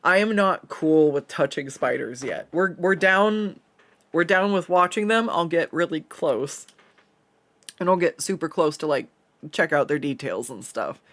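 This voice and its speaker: A man's voice: on the high side, a little slow, a bit bright. A man chatting casually while he draws on a stream, telling rambling stories with plenty of fillers and laughs. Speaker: artist streaming a drawing session. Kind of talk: casual chat while drawing.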